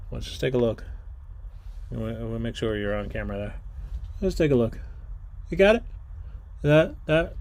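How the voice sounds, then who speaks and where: A man's voice: mid-range voice, moderate pace, pauses often. A man in his forties hosting an online trivia game, joking and rambling between questions. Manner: jokey, rambling asides, animated.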